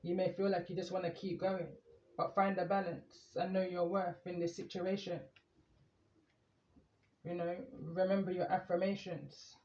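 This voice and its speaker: A man doing a calm, meandering tarot reading, reading the cards aloud as he draws them. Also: high-pitched, a little hiss or hum. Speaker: tarot reader. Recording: echoey room, muffled lo-fi sound.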